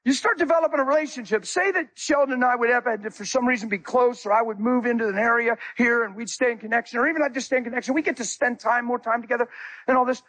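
Husky high-voiced male preacher. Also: quick pace. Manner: animated, storytelling with acted dialogue and laughter. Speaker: guest preacher. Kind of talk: sermon.

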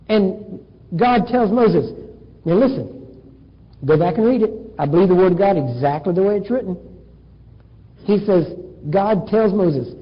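A man preaches with a husky, high-pitched voice, animatedly telling a Bible story and voicing its characters. The sound is muffled and lo-fi, with a long reverb from a large hall. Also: measured pace, long pauses. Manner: animated storytelling, acting out dialogue. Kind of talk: sermon. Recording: dull echoey hall recording.

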